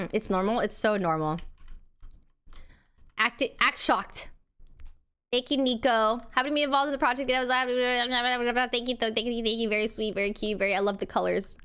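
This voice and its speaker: A young adult woman streamer chats casually with her live chat, tearful and laughing between thank-yous to viewers. Her voice is on the high side, fairly bright, clear, and resonant, and she speaks at a measured pace with frequent pauses.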